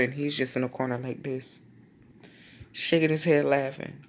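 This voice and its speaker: A woman vlogger telling a personal story, lively and slangy, acting out quotes. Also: low voice, normal speed. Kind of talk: storytime vlog.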